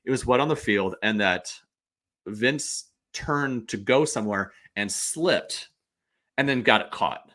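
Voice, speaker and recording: A man from the St. Louis area, a podcast guest, telling stories in an animated, rambling way with lots of restarts. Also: fairly low pitch, measured pace. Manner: animated, digressive storyteller. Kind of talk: casual chat.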